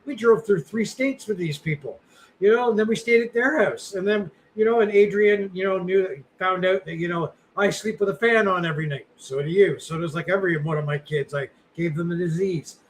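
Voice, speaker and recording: A man's voice: high-pitched, brisk, a little hiss or hum, rough recording. A middle-aged man co-hosting a podcast, chatting casually in a rambling, self-deprecating way with lots of fillers. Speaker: podcast co-host. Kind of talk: casual chat.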